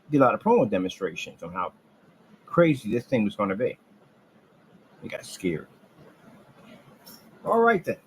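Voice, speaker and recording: A man delivering a rambling, boastful trash-talk rant about his business, taunting rivals and jumping from low mutters to loud outbursts. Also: big pitch swings, a little fast, long pauses, slight background noise, rough recording. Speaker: business owner ranting on his channel.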